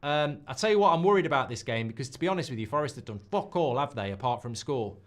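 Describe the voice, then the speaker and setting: A man hosting a live football watchalong, reacting loudly to goals and swearing freely. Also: mid-range voice, fast. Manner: excitable, swears, shouts at goals. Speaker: watchalong host.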